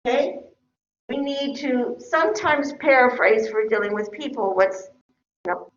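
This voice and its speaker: A woman's voice: fairly high pitch, lively intonation, a little slow, a little hiss or hum. A middle-aged woman lecturing a class in a conversational way, often checking in with her listeners. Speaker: teacher. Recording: echoey room, dull lo-fi sound.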